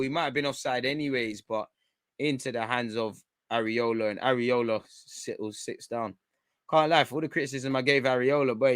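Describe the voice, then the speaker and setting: A man reacting live to a football match from home, bantering in slang and shouting when chances come. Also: medium pitch, no room sound, clean studio sound. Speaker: football watchalong streamer.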